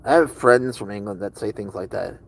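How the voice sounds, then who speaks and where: A man's voice: on the low side, brisk, vocal fry, poor audio. A man streaming live, casually chatting with viewers and answering their comments in a rambling, curious way.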